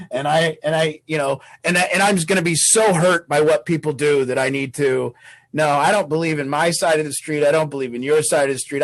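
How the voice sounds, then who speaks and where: A man's voice: on the high side, rough recording. A man leading a recovery support group on a video call, talking bluntly and swearing freely, acting out what others might say.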